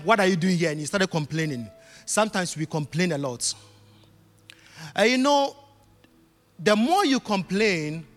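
In a church hall full of reverb, a preacher's high voice swings widely as he hammers his points through repetition, rising in emphatic bursts. Soft music plays faintly beneath his sermon.

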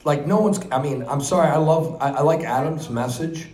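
A man in casual political chat, agreeable and hedging, with halting restarts. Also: on the high side, darkish tone, echoey room.

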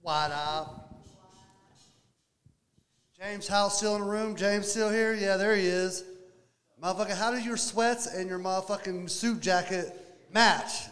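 High-voiced teasing stand-up man. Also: measured pace, long pauses, a bit bright. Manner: teasing, storytelling. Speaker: stand-up comedian. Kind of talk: stand-up set, crowd work. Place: small comedy club. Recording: club mic with long reverb.

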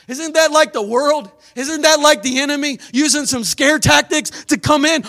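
A pastor with an unusually high voice for a man, preaching a sermon. He exhorts his listeners emphatically and breaks into dramatic, fervent bursts. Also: moderate pace, few pauses, sharp tone.

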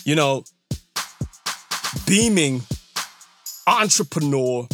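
A man's voice: a little high, expressive, extremely slow, over music. A man giving heated political commentary, emphatic and repeating himself, with casual slang.

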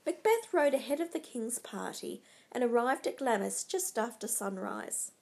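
A woman narrating a storybook in a measured, dramatic way. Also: fairly high pitch, big pitch swings, vocal fry, a little mellow.

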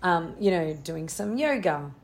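A middle-aged woman talking as an interview guest about spiritual practice, earnest and soft-spoken, slowing down to stress her points. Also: lowish voice, lively intonation. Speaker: interview guest, tantra teacher. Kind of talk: casual spiritual conversation. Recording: faint background noise.

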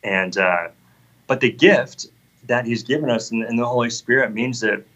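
A man's voice: mid-range voice, normal speed, fairly bright tone, muffled recording. A man in his thirties telling an earnest, heartfelt personal faith testimony in conversation. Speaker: guest sharing a testimony.

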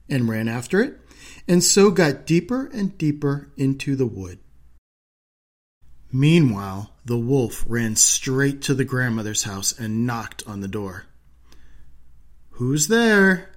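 A man reading a fairy tale aloud in an expressive storytelling manner. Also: mid-range voice. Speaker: narrator.

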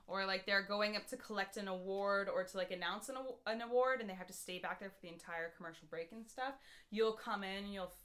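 A woman's voice: mid-range voice, brisk, fairly bright tone. An American woman in her twenties telling a long story on a podcast, rambling with lots of "like" fillers and casual swearing. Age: 20s. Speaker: podcast host.

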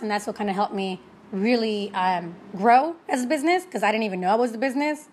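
A young adult woman, an energy healer and business owner, giving a casual motivational monologue in a blunt, profane, animated storytelling way. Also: on the high side, fast, slight background noise.

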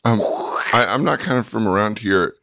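A deep-voiced man stammers through an improvised comedy scene, hesitant and apologetic. His tone sits low and he restarts his sentences often. The recording is dry and close. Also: normal speed, gravelly, sharp tone, no echo. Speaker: improv performer.

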